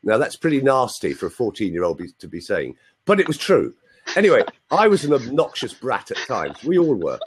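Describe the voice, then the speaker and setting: A man's voice: medium pitch, wildly swooping pitch, a little fast, a little hiss or hum. A man in his sixties from London, with a London accent, telling stories in a chatty, playful way as a guest on a live video chat. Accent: London English. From London, England. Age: 60s. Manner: chatty, playful, asks listeners for confirmation.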